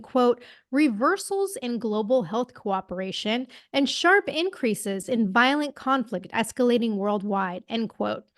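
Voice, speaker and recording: A woman's voice: a little high, no room sound, clean studio sound. A woman co-hosting a podcast, talking outspokenly and sarcastically in casual commentary. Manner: outspoken, sarcastic, laughs at own slips. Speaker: podcast co-host.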